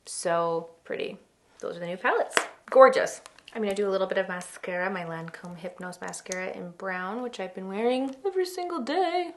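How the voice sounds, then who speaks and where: A woman's voice: medium pitch, brisk, slight background noise. A young woman chatting through a makeup tutorial, gushing and chatty, with many fillers. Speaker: beauty vlogger. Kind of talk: casual makeup tutorial chat.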